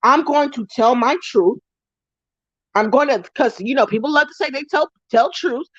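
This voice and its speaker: A woman's voice: sits high, normal speed, dry recording, highs cut off. Heated woman ranting on a livestream. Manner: heated, repetitive, profane ranting. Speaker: live-stream vlogger. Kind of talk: angry ranting live stream.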